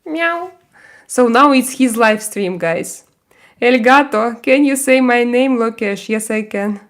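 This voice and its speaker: A woman with a Russian accent and a fairly high voice hosts a casual live stream, responding to viewer comments. Her speech is halting, packed with fillers and broken up by frequent laughter.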